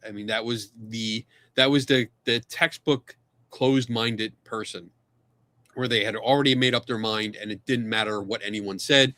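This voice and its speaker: A man hosting a podcast, telling a casual anecdote, animated and laughing often, acting out other people's lines. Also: on the low side, moderate pace, no room sound. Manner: animated storyteller, laughs often, acts out quotes. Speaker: podcast host.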